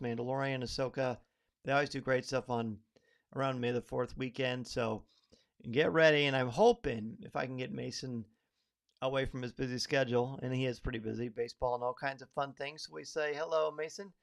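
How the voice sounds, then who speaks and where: A man's voice: medium pitch, fairly even intonation, brisk, creaky. A man hosting a live podcast, upbeat and chatty, greeting viewers by name as they arrive. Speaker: podcast host.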